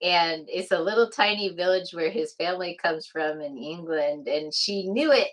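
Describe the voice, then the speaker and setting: A woman's voice: fairly low pitch, moderate pace. Giggly chatty woman co-host. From US West Coast. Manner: giggly, chatty, laughs often. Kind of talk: casual live chat.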